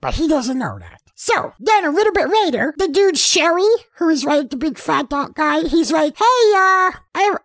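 High-voiced woman goofily retelling a story. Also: very animated, normal speed, hardly any pauses, no room sound. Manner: rambling, goofy, acts out characters. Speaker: storyteller recapping a film. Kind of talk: comedic retelling with silly voices.

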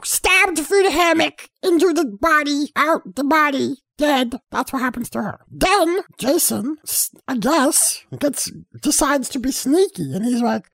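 A woman with a high, bright voice recaps a horror film in a rambling, goofy way, jumping into silly character voices and sound effects. The sound is close and dry. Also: lively intonation, a little slow, hardly any pauses, dry recording. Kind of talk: comedic retelling with silly voices.

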